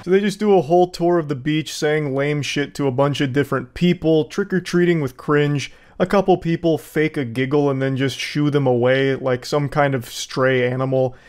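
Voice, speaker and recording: A man talks over video clips in a blunt, sarcastic commentary style, heavy with profanity. His voice sits a little high for a man. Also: moderate pace, few pauses, darkish tone, smooth. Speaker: commentary host.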